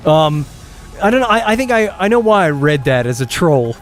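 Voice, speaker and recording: Chatty excitable male game streamer. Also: on the high side, normal speed. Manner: chatty, excitable, laughs often, reads chat aloud. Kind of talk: casual live gameplay commentary.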